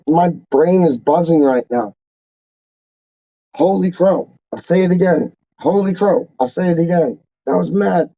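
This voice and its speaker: High, slow-talking man, emotional. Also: warm tone, no echo, dull audio. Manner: emotional, repetitive, slangy exclamations. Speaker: fan channel host. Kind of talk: casual fan chat.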